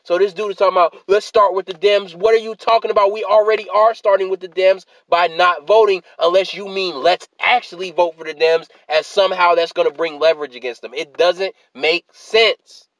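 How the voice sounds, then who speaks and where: A man delivers a heated video-essay rant in a fairly high voice, sounding exasperated and worn out from work. The recording is dry and close, with no room sound. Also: fairly even intonation, fast talker, few pauses, dry recording, rough recording. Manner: exasperated, repeatedly asks what are you talking about. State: tired after a work shift. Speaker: political commentator.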